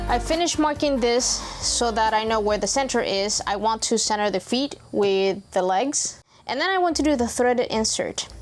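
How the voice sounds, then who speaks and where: A woman chatting casually as she narrates a DIY woodworking project at home, thinking aloud and talking to her pets. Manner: chatty, talks to her pets in a high excited voice. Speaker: DIY vlogger.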